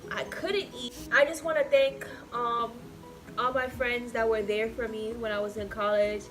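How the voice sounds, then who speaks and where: Woman in her 20s venting on her vlog, kinda high voice, gets loud then goes soft, faint music behind. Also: steady tone, moderate pace. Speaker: vlogger. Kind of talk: casual vlog rant.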